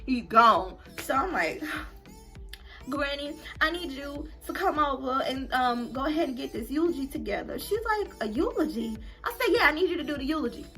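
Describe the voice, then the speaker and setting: A young adult woman telling a story for her vlog in an animated, emphatic, slangy way. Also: high-pitched, normal speed, soft background music. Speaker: vlogger.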